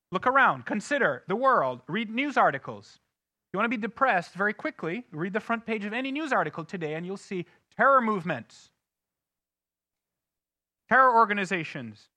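A man preaching a sermon as a pastor, swinging between soft, low asides and loud, emphatic questions. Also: no room sound. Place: church sanctuary.

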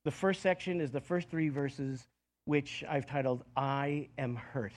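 A man preaching a Bible-study sermon, reading a psalm aloud and then explaining it in a conversational, animated way, often restarting his phrases. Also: mid-range voice, a little slow. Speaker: pastor.

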